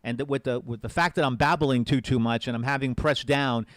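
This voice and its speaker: A man's voice: mid-range voice, steady tone, brisk, no echo. A man hosting a live-streamed amateur radio event from his desk mic, talking in an earnest, rambling way with many repeated words. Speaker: amateur radio special event station host. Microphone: desk mic with push to talk.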